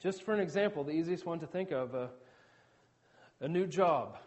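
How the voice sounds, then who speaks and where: A man's voice: on the high side, moderate pace, darkish tone. A man preaching a sermon in an earnest, conversational teaching manner, with asides to the congregation.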